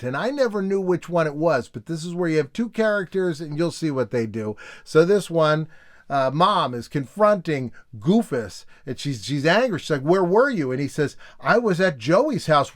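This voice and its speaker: A man hosting a nostalgia video in a casual, joking tone, reading old magazine pages aloud and slipping into silly voices. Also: a little high. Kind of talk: casual comedic commentary.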